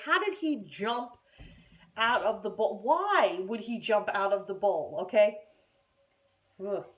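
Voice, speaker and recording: A woman telling a story in a casual home vlog, chatty and animated, with plenty of fillers and restarts. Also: medium pitch. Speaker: vlogger. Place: at home by a kitchen counter.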